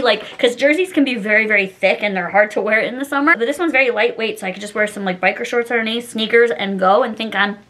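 Bubbly high-voiced young woman vlogger. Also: fairly bright tone. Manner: bubbly, giggly, rambling with many likes and ums. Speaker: fashion vlogger. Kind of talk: casual try-on haul chat.

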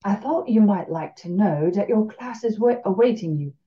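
A woman voicing a blind elderly woman teacher who speaks with a slow, drawling French-Southern accent. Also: mid-range voice, animated, dull audio, lightly acted. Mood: vague. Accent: French-Southern drawl, put on.

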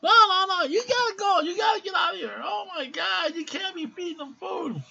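A man voicing a frantic hospital nurse who shrieks and scolds in a high falsetto. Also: animated, brisk, creaky, bright, forceful tone, exaggerated voice. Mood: shrieking scolding. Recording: dull lo-fi recording.

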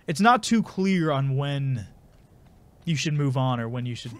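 Playing a video game, a man with a congested voice of medium pitch rambles casually and pokes fun at himself. He sounds expressive and unhurried in this let's play commentary.

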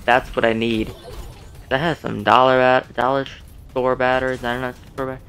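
A young man giving casual, rambling commentary on his own game, excitable and poking fun at his losses. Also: mid-range voice, moderate pace, slight background noise. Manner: excitable, self-deprecating, rambling. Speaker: gaming streamer.

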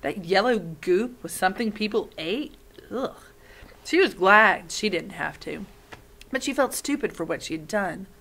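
A woman's voice: medium pitch, animated, measured pace, gravelly, fairly bright tone, poor audio. A woman reading a children's novel aloud in a friendly way, stopping to explain words.

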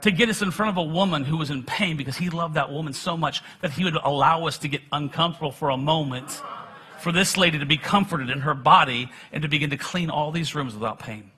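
Man, preacher, middle-aged, high voice, conversational sermon, self-deprecating humor. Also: fast, bright, forceful tone. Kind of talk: sermon with personal stories.

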